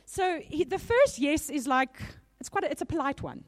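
A woman's voice: high-pitched, very animated, moderate pace. A woman preacher giving a sermon in a conversational way, with small laughs between points, a little nervous. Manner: warm laughing asides, conversational.

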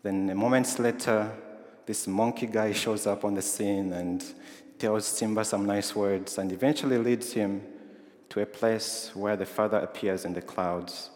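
Preacher, male, lowish voice, conversational, asks the room questions; hall reverb. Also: steady tone, a little slow, a little mellow. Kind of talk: sermon. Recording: roomy hall with long reverb.

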